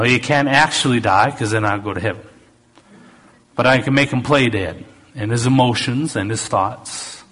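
A middle-aged to older man preaching a sermon with a Southern US accent mixed with Canadian, reading scripture with loud emphasis and dropping into quick, soft asides. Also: mid-range voice, slightly rough.

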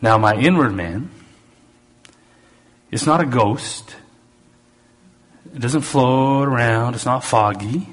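A middle-aged to older man preaching a sermon with a Southern US accent mixed with Canadian, reading scripture with loud emphasis and dropping into quick, soft asides. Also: medium pitch.

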